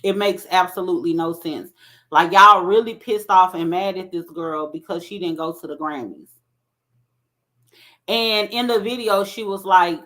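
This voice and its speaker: A woman's voice: lowish voice, moderate pace, bright, forceful tone. A woman hosting a casual commentary vlog, talking conversationally and often checking in with "right?". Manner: conversational, keeps asking "right?". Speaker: commentary host.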